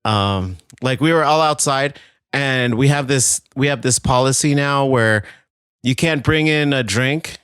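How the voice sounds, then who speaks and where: A tired man co-hosting a podcast tells a story in casual chat, with frequent stammering restarts. His mid-range voice is smooth and a bit bright, a little slow, on a dry, clean studio recording.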